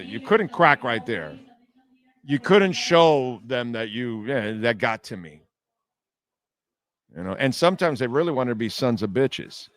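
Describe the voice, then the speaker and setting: A man's voice: mid-range voice, a bit bright, no echo. A man hosting a sports radio show, rambling through a profane story and reading chat comments. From Miami. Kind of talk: casual live-stream chat.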